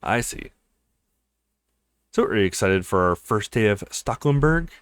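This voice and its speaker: A man's voice: fairly low pitch, expressive, unhurried, fairly bright tone, clear, resonant tone, no room sound. A man voicing a friendly young female law student in a visual novel, speaking in a polite, curious way.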